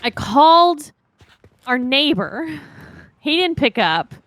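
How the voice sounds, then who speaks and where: High-voiced woman telling a story, swearing. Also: slow pace, dry recording, faint music behind. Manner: animated, swears freely, laughs through the story. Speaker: livestream co-host. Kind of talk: casual storytelling chat.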